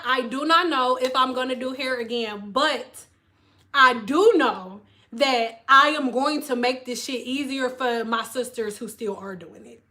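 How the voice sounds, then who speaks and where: Woman in her thirties, high voice, blunt candid livestream chat, phone mic, swears, repeats phrases for emphasis. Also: measured pace, pushed and bright. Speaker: former hairstylist doing a livestream. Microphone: phone camera.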